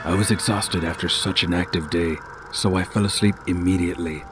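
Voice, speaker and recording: A man narrating a scripted first-person horror story in a steady, measured way. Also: low-pitched. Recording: noisy home recording.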